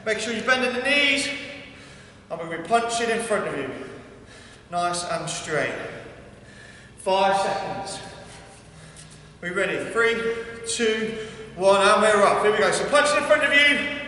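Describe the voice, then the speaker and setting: An English man coaches a workout class, cheering people on and counting down each set, sometimes short of breath. His voice is high and bright, and he speaks slowly. He is heard from a distance in a big, reverberant hall. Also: slight background noise. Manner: energetic, encouraging, counting down reps. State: out of breath at times. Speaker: PE workout instructor. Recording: echoey hall, mic far off.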